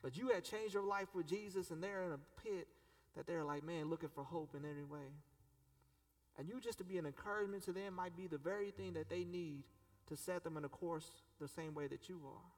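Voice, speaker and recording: Male pastor, sermon, chatty rhetorical style; slightly higher voice, distant mic in a big echoing room. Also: brisk. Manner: conversational preaching with rhetorical questions and casual slang. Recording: echoey hall, voice from a distance.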